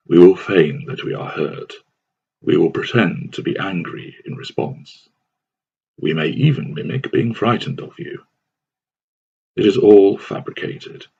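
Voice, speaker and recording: A man reads a scripted advice text in a slow, deliberate manner. His voice is very low and gravelly, with a husky edge. The recording sounds dull and lo-fi. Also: a little mellow.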